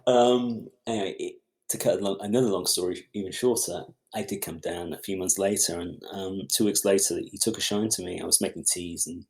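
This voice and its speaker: A man's voice: deep voice, a little fast, a little hiss or hum. A middle-aged man, a film director and podcast guest, telling a long anecdote and acting out other people's lines as he goes. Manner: lively storyteller who acts out other people's lines. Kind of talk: anecdotal storytelling in conversation.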